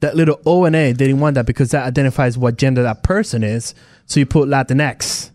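A man co-hosting a morning radio show, bantering casually with quick, sarcastic comebacks. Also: mid-range voice, darkish tone, no room sound, studio quality.

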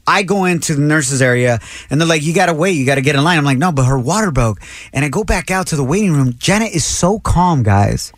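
A man's voice: fairly high pitch, animated, no echo. A man hosting a morning show, chatting and telling stories in a playful, teasing way. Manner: playful, teasing, quick to laugh. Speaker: radio morning show host. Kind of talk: casual banter and anecdotes.

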